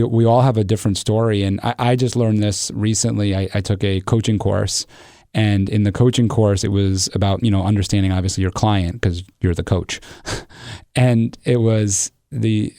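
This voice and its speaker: A man's voice: lowish voice, creaky, dark tone, dry recording, clean studio sound. A man hosting a podcast, reflective, thinking aloud as he talks through ideas. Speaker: podcast host. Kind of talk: conversational interview.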